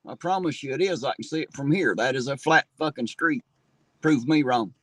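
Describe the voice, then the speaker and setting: A man's voice: medium pitch, brisk, no room sound. Folksy Appalachian-drawl man in a parked car. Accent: southern Ohio Appalachian drawl. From southern Ohio. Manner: folksy, profane, laid-back. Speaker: livestream host. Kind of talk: casual chat reading viewer comments.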